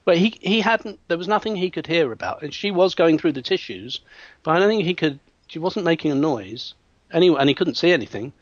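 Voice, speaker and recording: A man, a hypnotherapist telling a client story in an interview, lively and acting out voices with frequent restarts. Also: on the high side, a little fast, no room sound. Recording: dull, dry sound.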